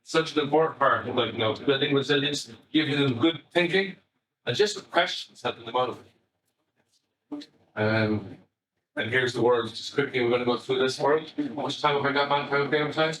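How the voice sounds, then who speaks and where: A middle-aged Irishman, a family psychotherapist, talks live to parents in a bright, forward, medium-pitched voice at normal speed. He chats anecdotally, frequently restarting and slipping in asides, while echo from the room and his distance from the mic colour the sound.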